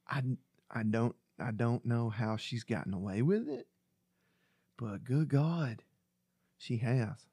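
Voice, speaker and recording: A man co-hosting a podcast in casual chat, excitable and profane, laughing often. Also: mid-range voice, slow, long pauses, husky, dry recording, clean studio sound. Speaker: podcast co-host.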